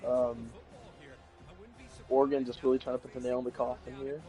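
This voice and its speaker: A young man casually commentating a football video game, rambling with restarts and sudden excited bursts. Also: medium pitch, fairly quick, faint music behind, rough recording. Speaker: play-by-play commentator.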